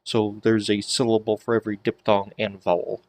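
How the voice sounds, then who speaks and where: A man's voice: on the low side, flat delivery, fairly quick, darkish tone, slight background noise. A man teaching a language lesson, patiently spelling out letters and sounding out words as he asks and answers his own questions. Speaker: Greek teacher. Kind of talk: slow spoken lesson.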